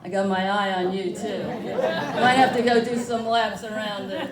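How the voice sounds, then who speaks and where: A woman's voice: mid-range voice, steady tone, normal speed, recorded from a distance, over a noisy crowd. Chatty woman doing stand-up in an echoey room. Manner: rambling storyteller, chatty and self-mocking. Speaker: stand-up comic. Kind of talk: stand-up comedy set. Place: brewery comedy night.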